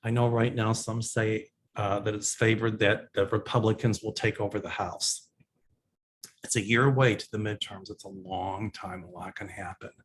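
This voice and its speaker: A man's voice: on the low side, steady tone, normal speed, slight background noise. A man working as a psychic in a casual solo video, reading out viewers' questions and answering them in a chatty, plain-spoken way with loose slangy phrasing. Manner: reads viewers' questions aloud, then answers in a reassuring predictive tone.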